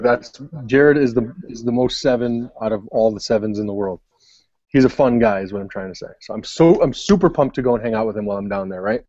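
A man's voice: lowish voice, warm tone, no echo, highs cut off. A young adult man telling a long story in casual podcast chat, rambling with many fillers. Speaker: podcast co-host.

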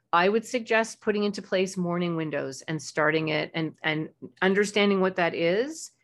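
A woman in her forties hosting a parenting podcast, giving casual, chatty advice and acting out examples in a bright, excited voice. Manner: warm, chatty advice with animated, high-pitched acted-out examples.

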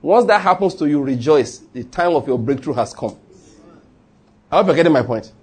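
A man preaches to his congregation in a slightly husky, fairly high voice. He keeps it light and conversational, joking between points and calling out lines for the room to repeat. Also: lively intonation, moderate pace, darkish tone. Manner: humorous, conversational preaching with call-and-response. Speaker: pastor. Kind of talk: sermon.

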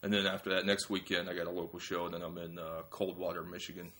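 A young adult man, a comedian, telling rambling self-mocking stories in casual podcast chat, acting out quick quotes. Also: low-pitched, monotone, bright, forceful tone. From small-town Ohio. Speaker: comedian guest.

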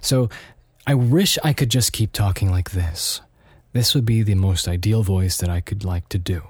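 A man's voice: low voice, moderate pace, husky, no echo. A young man hosting a podcast alone in casual chat, slightly nasal, rambling and self-deprecating with many restarts. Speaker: podcast host.

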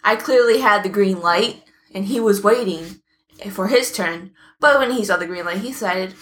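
A woman's voice: medium pitch, moderate pace, a bit bright. A woman co-hosting a casual podcast, chatting and laughing along. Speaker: podcast co-host. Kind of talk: casual chat.

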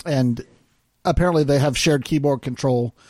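This podcast co-host from Arkansas, United States, chats casually but hesitantly, full of fillers and false starts. He speaks at medium pitch and moderate speed with a slightly mellow sound, captured cleanly in a studio with no room echo.

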